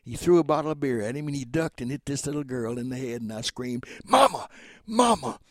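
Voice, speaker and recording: Man in his seventies, from Oklahoma, rambling animated storyteller, mid-pitched voice, dry close sound. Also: quick pace, dry recording. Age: 70s. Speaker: guest. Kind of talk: storytelling interview.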